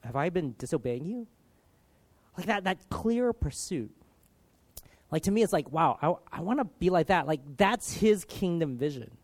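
A man preaching in a relaxed, conversational way, his voice sitting a little high for a man. He talks earnestly with lots of casual filler, pushing some lines out loud and dropping others to a hush. The sound is close and dry, with no room echo. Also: normal speed.

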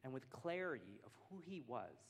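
A man's voice: mid-range voice, big pitch swings, brisk, husky. An American man, a pastor, preaching a sermon in a church hall, earnest and building his points through repeated phrases. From United States. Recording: long hall reverb.

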